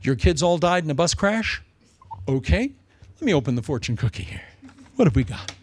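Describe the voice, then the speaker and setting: A man voicing a glib friend who briskly diagnoses a grieving person's loss. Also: a little high, sing-song, dry recording. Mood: smug. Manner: smug, clinical, matter-of-fact. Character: glib male know-it-all friend, briskly diagnosing grief.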